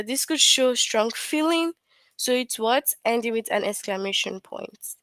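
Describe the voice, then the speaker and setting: A woman's voice: fairly high pitch, expressive, measured pace, a bit bright, no echo. A young woman teaching a grammar lesson to young children, patiently repeating points and asking questions she then answers herself.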